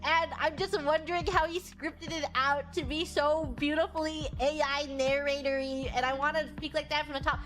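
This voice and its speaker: High-voiced giggly woman streamer. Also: moderate pace, hardly any pauses, faint music behind. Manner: giggly, rambling, animated. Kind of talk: casual chat.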